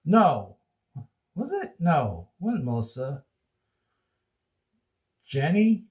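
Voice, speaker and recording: A man talks slowly into his phone camera in a loose, rambling vlog, goofing around and laughing often. His voice sits a bit high and swings widely in pitch. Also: sing-song, a little mellow. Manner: goofy, rambling, laughs a lot. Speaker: vlogger. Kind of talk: casual rambling monologue to camera.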